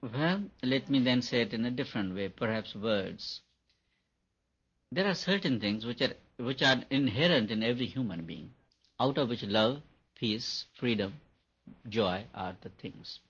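A man's voice: medium pitch, lively intonation, unhurried, a bit bright, breathy edge. A man giving a spiritual talk on meditation, repeating his points for emphasis. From India. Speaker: meditation teacher. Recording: dull lo-fi recording.

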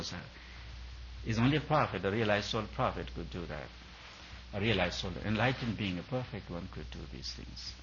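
A man's voice: on the low side, a bit bright, muffled recording, a little hiss or hum. Man preaching in an emphatic, repetitive cadence. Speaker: spiritual teacher. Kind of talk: sermon.

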